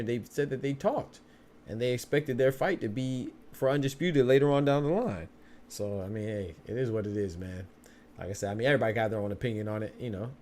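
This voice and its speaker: A young man riffs through a solo podcast, loose and conversational, full of slang and repeated phrases. His voice sits in a mid pitch. There is a faint hum of noise behind him. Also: darkish tone. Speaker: boxing podcast host. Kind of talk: casual solo podcast talk.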